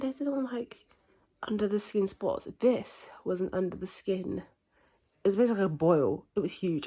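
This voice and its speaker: A woman's voice: fairly low pitch, darkish tone. Chatty young woman vlogging casually. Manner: chatty, giggly, uses "like" a lot. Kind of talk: casual vlog chat to camera.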